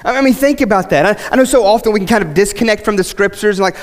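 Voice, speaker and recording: A man preaching a sermon in a church with passion, swinging between loud and hushed and often saying "I mean.". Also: high voice, fast, hardly any pauses. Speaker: pastor. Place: church sanctuary. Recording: long reverb of a church hall.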